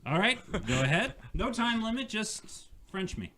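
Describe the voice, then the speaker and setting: A man hosting a comedy debate show, teasing his guests and laughing through quick asides. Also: high-pitched, very animated, background noise. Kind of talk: playful live-stream banter.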